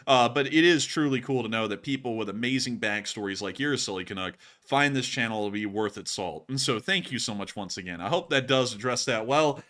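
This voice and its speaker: A man's voice: brisk, hardly any pauses. A young man hosting a live stream, chatting casually and thanking viewers for donations. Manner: excitable, laughs and breaks into high yelps. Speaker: host.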